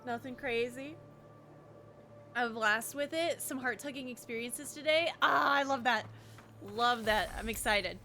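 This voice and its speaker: Faint music sits behind this young Southern US woman's casual gaming livestream chatter. Her voice is a little high, pushed and bright, at a moderate pace, and she's bubbly, laughing easily.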